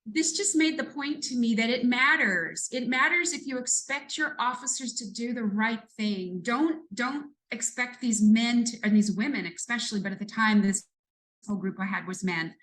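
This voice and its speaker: A woman's voice: a little high, moderate pace, fairly bright tone, low-quality recording. A woman in her fifties, a retired police lieutenant, speaking as an interview guest. She tells a story in an earnest, reflective way, building it step by step. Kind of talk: conversational storytelling in a podcast interview.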